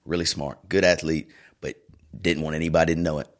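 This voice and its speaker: Deep-voiced middle-aged man telling stories. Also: flat delivery, a little fast. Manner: rambling, warm storyteller with restarts and asides. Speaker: podcast co-host. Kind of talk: casual chat, personal storytelling.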